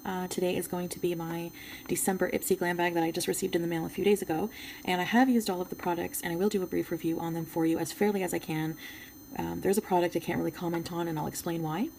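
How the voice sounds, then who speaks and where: A woman's voice: on the low side, creaky, a little mellow, slight background noise, low-quality recording. A French Canadian woman chatting through a casual beauty product review at home, hesitant and full of ums. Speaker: beauty vlogger.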